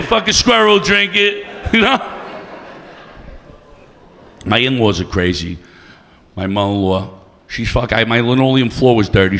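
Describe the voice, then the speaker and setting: A man's voice: mid-range voice, gravelly, bright, forceful tone, slight background noise. A man doing stand-up, brash and profane, teasing the crowd. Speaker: stand-up comedian. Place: comedy club stage. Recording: long reverb of a club room.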